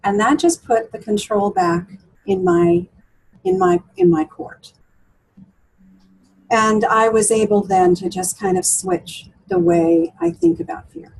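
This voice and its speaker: Gravelly high-voiced woman coach. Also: big pitch swings, takes it slowly, a little mellow, low-quality recording. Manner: thoughtful, with many fillers and restarts. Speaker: coach for women. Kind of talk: interview conversation.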